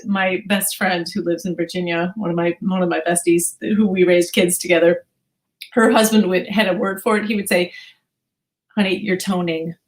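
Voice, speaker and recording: A middle-aged woman co-hosting a parenting show, chatting casually in a measured way with dry humor. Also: medium pitch, rough recording. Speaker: parenting magazine co-host. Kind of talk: casual chat.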